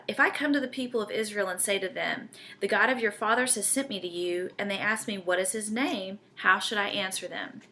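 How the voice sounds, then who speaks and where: A woman's voice: medium pitch, pushed and bright, slight background noise. A woman, teaching a Bible study in an earnest, conversational way and often checking in with her listeners.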